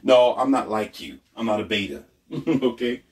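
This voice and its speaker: A man preaches bluntly in a low voice that rises and falls a lot. He repeats himself for emphasis. The sound is distant, as if the microphone is across the room. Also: animated, normal speed. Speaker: host of a motivational monologue. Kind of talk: preachy motivational monologue.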